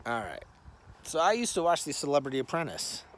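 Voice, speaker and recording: A man's voice: on the high side, very animated, a little fast, slight background noise. Rambling man talking on a ride. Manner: rambling, playful, drifts to near-whispers. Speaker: vlogger. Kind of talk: casual monologue. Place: in a vehicle on a ride-along.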